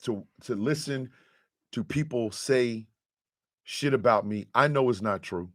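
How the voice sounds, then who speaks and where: A man hosting his show, talking to his audience in an impassioned, profane monologue that swings from quiet confession to loud outrage. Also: mid-range voice, measured pace.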